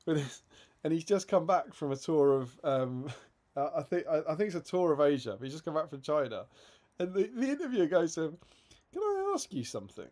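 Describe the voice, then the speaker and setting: A man's voice: fairly high pitch, a little fast, darkish tone. A man co-hosting a live stream in casual chat, reading out viewer comments and laughing often. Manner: chatty and amused, laughs often. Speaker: livestream co-host.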